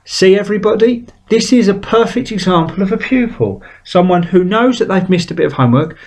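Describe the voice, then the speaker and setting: A prim British schoolteacher lady, put on by a man telling a story, heaps sing-song praise on her class in a raised, bright-pitched voice. She sounds over-keen and a little louder than the talk around her. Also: lively intonation, a little fast. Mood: gushing. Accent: British English.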